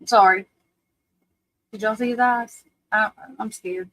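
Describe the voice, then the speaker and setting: A woman's voice: on the high side, fairly even intonation, takes it slowly, fairly bright tone, low-quality recording. A woman, hosting a casual livestream at home, chatty and self-deprecating, talking to viewers and her computer. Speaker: livestream host.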